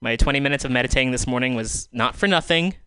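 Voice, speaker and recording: A man's voice: medium pitch, quick pace, sharp tone, clear, resonant tone, no room sound. A male radio host giving solo commentary in a studio, exasperated and sarcastic, swearing as he vents, speaking into a handheld microphone. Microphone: handheld microphone taken off the stand.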